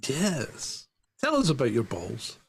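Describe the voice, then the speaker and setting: A man's voice: mid-range voice, wildly swooping pitch, takes it slowly, vocal fry, breathy edge. A man co-hosting a podcast, chatting casually in a giggly, dry way. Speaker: podcast co-host.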